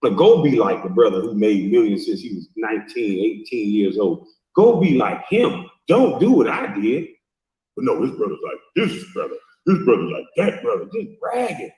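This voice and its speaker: Middle-aged dude ranting on a stream, cussing and scolding, voice jumps all over, echoey from off the mic. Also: male voice, lowish voice, sing-song, moderate pace, dark tone, recorded from a distance. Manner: profane, mocking, scolding. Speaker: livestream host. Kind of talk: heated reaction rant.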